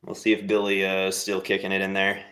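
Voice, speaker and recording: Low-voiced man, teasing workout streamer. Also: completely flat delivery, fast talker, pushed and bright. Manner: teasing, motivational, laid-back. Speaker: livestream host. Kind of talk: casual live workout chat.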